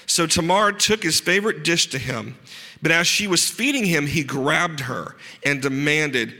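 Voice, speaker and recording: A man with a fairly high, bright and forceful voice preaches a sermon, earnest but slipping in dry asides. He slows down to press on key words. His voice rings out with a long reverb, as in a large hall. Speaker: pastor.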